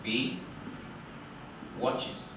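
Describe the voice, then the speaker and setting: A man teaching English grammar in a classroom lecture, talking slowly and repeating key points for emphasis. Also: background noise. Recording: very echoey room, voice from far off.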